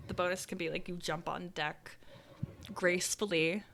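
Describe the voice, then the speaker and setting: A woman's voice: on the low side, steady tone, moderate pace, gravelly, a bit bright. A young woman running a tabletop game over a video call, explaining rules casually with lots of fillers. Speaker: game master.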